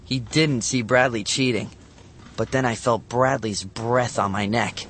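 A man narrating a children's novel as an audiobook, in a lively, expressive storytelling manner. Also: medium pitch, unhurried, slightly rough.

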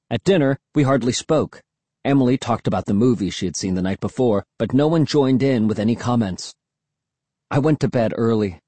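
A man narrating a first-person storybook in an expressive, tense storytelling manner. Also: medium pitch, husky, no room sound. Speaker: audiobook narrator.

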